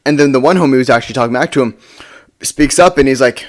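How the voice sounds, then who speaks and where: A man's voice: medium pitch, fast talker. Rambling man telling a storytime vlog. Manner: rambling, with frequent stammered restarts and casual swearing. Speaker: storytime vlogger. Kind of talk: casual storytelling.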